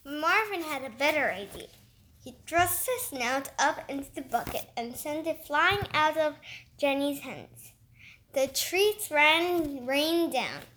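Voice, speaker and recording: A woman reading a children's story aloud in an expressive, lively way. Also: high-pitched, slow. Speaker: storybook reader.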